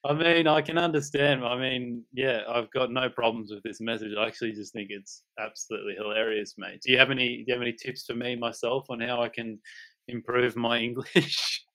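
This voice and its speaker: A young Australian man co-hosting a podcast in a relaxed, joking way, often calling his co-host "mate". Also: medium pitch, fairly quick, rough recording. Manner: laid-back, says "mate" often, jokey. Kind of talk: casual chat.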